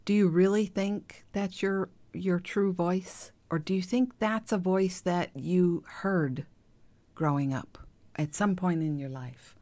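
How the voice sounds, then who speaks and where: Low-voiced woman, gentle reflective monologue. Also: fairly even intonation, a little slow. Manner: gentle, confiding, often drops to a soft hush. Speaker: podcast host.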